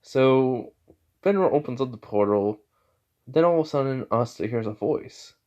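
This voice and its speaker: A man's voice: medium pitch, expressive, moderate pace, a little mellow. A sleepy man improvising fan-fiction narration late at night, rambling with lots of fillers. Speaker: storyteller. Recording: slightly muffled lo-fi audio.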